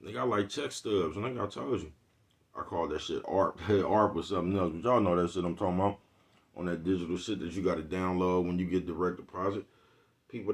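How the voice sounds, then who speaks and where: A man ranting casually on a livestream in streetwise slang, who keeps asking his viewers if they follow him. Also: low-pitched. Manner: streetwise slang, keeps asking "you know what I'm talking about". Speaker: livestream vlogger.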